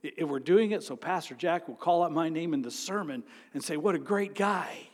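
A man preaching a sermon as pastor, dramatic, swinging from a near-whisper to loud exclaiming. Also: a little high, a little fast, long reverb tail. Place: church sanctuary.

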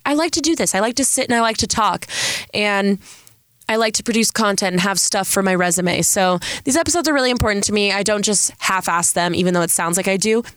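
A woman's voice: medium pitch, a bit bright, dry recording, clean studio sound. Chatty young woman with a Valley girl voice. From San Diego, California. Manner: chatty, self-deprecating, rambling with fillers. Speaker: podcast host. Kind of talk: casual solo podcast chat.

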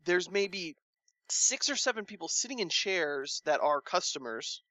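A man chatting casually, telling a long story with animated delivery and acting out the people he quotes. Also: unhurried, no room sound. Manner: animated storytelling, acts out quoted lines with rising pitch. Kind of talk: casual chat.

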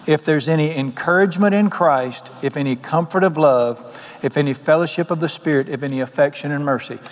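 Folksy preacher in a reverberant hall. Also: male voice, on the high side, brisk. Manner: folksy storytelling preacher, quotes people in voices, asks the congregation questions. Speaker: pastor. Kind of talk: sermon.

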